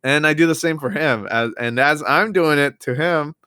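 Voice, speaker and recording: A man's voice: normal speed, pushed and bright, clean tone, no room sound, studio quality. A young man co-hosting a podcast, telling loose, rambling stories in casual chat and swearing now and then. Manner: loose and rambling, swears, restarts, mimics his mom in a high voice. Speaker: podcast co-host.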